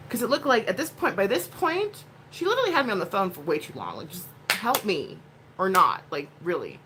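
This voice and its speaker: A woman's voice: mid-range voice, sing-song, moderate pace, background noise. A woman vlogging at home, telling a rambling story in a blunt, casual way with plenty of swearing. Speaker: vlogger, mother.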